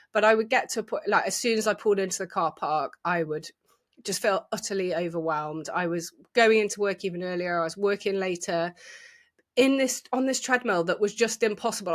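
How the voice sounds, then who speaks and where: A woman's voice: medium pitch, a bit bright. A middle-aged woman, openly telling her own story in a reflective, candid way. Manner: open, reflective, with restarts and acted quotes. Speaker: guest sharing her experience.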